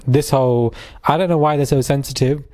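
A man's voice: medium pitch, fairly even intonation, fairly quick, a little mellow, no echo, clean studio sound. A young man with a British accent hosting his own podcast, chatting casually in a sarcastic, rambling way with plenty of fillers. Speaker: podcast host. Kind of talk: casual chat.

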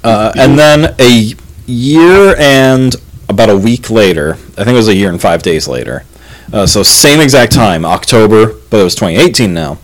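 A man's voice: fairly low pitch, normal speed, rough recording. A man co-hosting a podcast, casually telling a story about events in his house with plenty of "like" and "yeah" fillers. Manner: relaxed, retelling with many "like" and "yeah" fillers. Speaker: podcast co-host.

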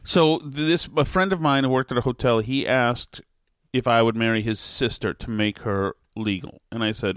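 A man's voice: medium pitch, normal speed, a bit bright, clean tone, dry recording, studio quality. A male podcast host talking in casual, sarcastic, teasing banter.

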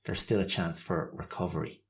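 A man with a very low voice talks in a slow, reflective way. He hosts his own podcast and thinks out loud, searching for words and restarting his sentences. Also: fairly even intonation. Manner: thoughtful, searching, many fillers and restarts. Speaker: podcast host. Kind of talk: reflective monologue.

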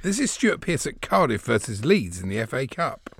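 Gravelly, husky radio co-host man. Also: mid-range voice, big pitch swings, normal speed, no echo. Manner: chuckling, easygoing banter. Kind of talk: jokey clip-show presenting.

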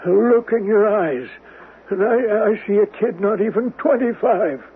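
An actor playing a stern but remorseful middle-aged uncle in a 1970s radio drama, with a gravelly voice. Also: male voice, sits high, measured pace, exaggerated voice. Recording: tinny old radio broadcast with faint hiss.

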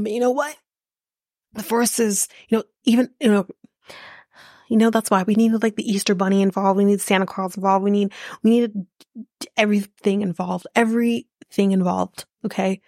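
Sarcastic woman host rambling through a TV recap, medium pitch, dry close mic sound. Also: darkish tone, no room sound. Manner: rambling, sarcastic, and swears freely. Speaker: podcast host. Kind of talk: casual chatty reality TV recap.

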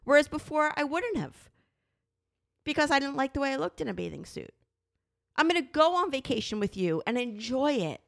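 A middle-aged woman talking candidly and emphatically with her husband, her voice jumping high when she insists. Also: sing-song, moderate pace, creaky, a bit bright, dry recording, clean studio sound. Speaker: podcast co-host, wife. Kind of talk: candid couple conversation.

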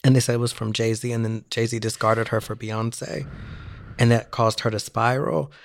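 A man co-hosting a podcast, chatting casually with animated, gossipy energy and frequent laughter. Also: medium pitch, moderate pace, vocal fry. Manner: animated, gossipy, laughs often, mimics voices. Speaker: podcast co-host. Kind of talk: casual chat.

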